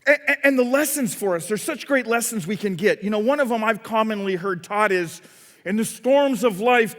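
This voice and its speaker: A man's voice: high voice, fairly bright tone. A male pastor preaching a sermon, telling the story dramatically and acting out scenes, recorded in a church with long reverb. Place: church sanctuary.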